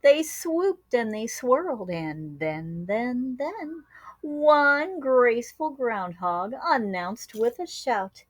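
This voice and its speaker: A woman teacher reads a picture book aloud to young children in a slow, unhurried way. Her voice sits a little high and leaps up and down with lively animation, and she breaks off for short asides and playful sound effects. The sound is close and dry. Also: dry recording.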